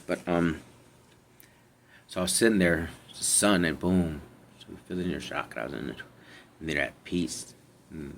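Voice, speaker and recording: A man with a deep, gravelly voice rambles through a casual tarot reading, often trailing off, sighing, and dropping into near-whispers. His delivery wanders between sudden emphasis and quiet asides. A faint hiss sits under the recording. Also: a little slow, long pauses. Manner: meandering, trails off, sighs often; drifts between loud and hushed. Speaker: spiritual reader.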